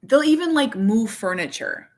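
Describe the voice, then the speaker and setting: A woman in her thirties chatting casually to her viewers from her living room, rambling and animated, with lots of "like". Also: on the high side, normal speed. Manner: rambling, heavy use of "like"; candid, animated. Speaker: vlogger, parent.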